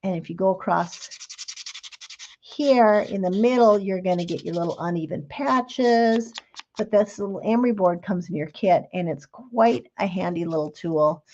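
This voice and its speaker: A woman's voice: medium pitch, moderate pace, warm tone, dull audio, slight background noise. A middle-aged woman hosting a live craft demonstration, chatting in a homey, explanatory way. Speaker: craft show host.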